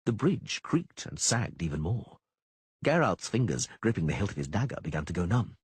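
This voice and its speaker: A man narrating an audiobook with a husky, breathy voice, fairly low in pitch. His delivery swings widely in pitch and the sound is dry and close. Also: moderate pace, no room sound. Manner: dramatic, lively reading. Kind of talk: scripted narration.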